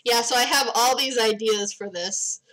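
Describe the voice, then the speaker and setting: A woman's voice: a little high, normal speed, fairly bright tone, poor audio. A young woman retelling the story of her comic on a livestream, rambling and hesitant, with lots of ums and giggles.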